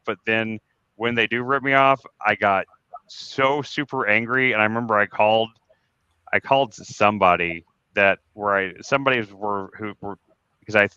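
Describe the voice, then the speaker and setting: A man in his forties with a lowish, bright and clean-edged voice tells stories in a candid, rambling way, restarting sentences and cursing freely when he relives his anger. The sound is dry and a little dull, like home call audio. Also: clean tone, no echo. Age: 40s. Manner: candid, rambling confessional storytelling with many restarts. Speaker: podcast host. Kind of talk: casual group chat on a podcast.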